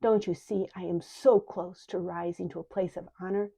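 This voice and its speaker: A woman's voice: on the low side, steady tone, normal speed, gravelly, dark tone, husky. A woman voicing an arrogant, ambitious man who speaks in a sing-song, commanding way. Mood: indignant. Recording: dull lo-fi recording.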